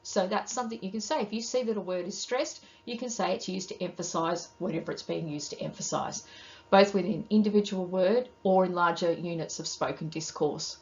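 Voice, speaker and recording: A woman teaching a recorded lesson, explaining terms in a clear, measured tone and guiding students with questions. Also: on the low side, a little mellow, highs cut off.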